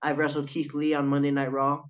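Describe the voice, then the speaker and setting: A man's voice: on the high side, a little fast, smooth. A young man, a wrestler guest on a casual podcast, telling a story with lots of swearing and quoted dialogue. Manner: animated storyteller, swears freely, quotes others in his story. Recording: dull lo-fi audio.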